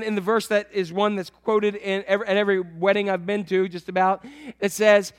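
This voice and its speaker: Man, pastor, sermon, high voice, emphatic then hushed. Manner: animated, swings from loud emphatic to soft and low. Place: church.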